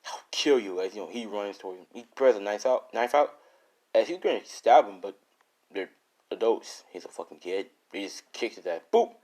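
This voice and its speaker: Rambling low-voiced man telling a story. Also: expressive, normal speed, warm tone. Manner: rambling, crude, many fillers. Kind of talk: casual improvised fan-fiction storytelling.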